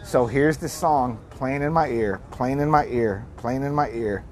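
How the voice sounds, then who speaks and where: A man's voice: medium pitch, measured pace, a little mellow, slight background noise. A man telling a personal story in a casual, rambling, reflective way, full of restarts and "like".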